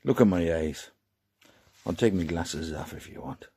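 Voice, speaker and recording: An Irish man delivering an angry, profane rant straight to camera, swinging between low hushed menace and shouting. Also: expressive, a little slow, husky.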